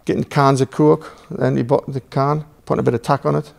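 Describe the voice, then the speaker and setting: Geordie man, guest on a podcast, gravelly voice, rambling, profane storyteller who quotes both sides of a row. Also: mid-range voice, little pitch movement, brisk. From Newcastle, England. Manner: rambling, swearing, acts out dialogue. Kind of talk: casual storytelling.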